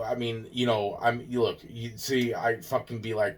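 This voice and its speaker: A man delivering a rambling monologue, repetitive and profane, circling through restarts and breaking into sudden loud outbursts. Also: medium pitch, steady tone, moderate pace, few pauses.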